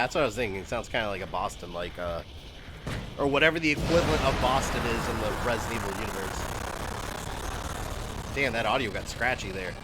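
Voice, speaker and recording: A man's voice: medium pitch, heavy background noise. Chatty male game streamer. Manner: chatty and rambling, with fillers. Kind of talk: casual live-stream gaming commentary. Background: game music.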